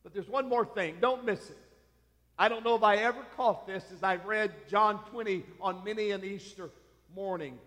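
A man preaching an Easter sermon as pastor, slow and emphatic, often trailing off softly at the ends of phrases. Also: high voice. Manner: slow, emphatic preaching with soft dropped endings. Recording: long hall reverb.

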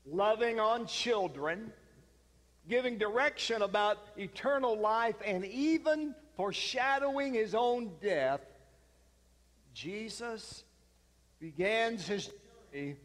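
A man preaching a sermon, retelling a story dramatically with pauses. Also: sits high, big-room sound.

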